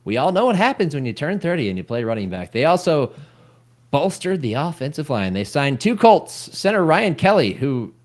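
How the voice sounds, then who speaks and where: Animated man co-hosting a sports podcast. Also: a little high. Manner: animated, teasing, quick banter. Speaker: podcast co-host. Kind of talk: casual sports chat.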